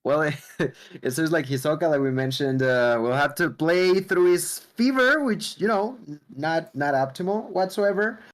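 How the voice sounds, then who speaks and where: Halting, easy-laughing male co-caster. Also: a little high, lively intonation. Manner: halting with frequent fillers, laughing easily. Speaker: esports co-caster. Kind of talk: esports commentary. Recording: faint music behind the voice.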